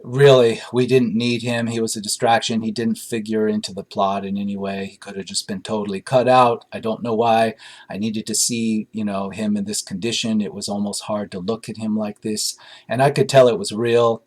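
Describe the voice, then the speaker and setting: A man's voice: on the low side, flat delivery, normal speed. A man giving a casual spoken movie review, blunt and critical, rambling and searching for words with lots of fillers. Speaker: film reviewer.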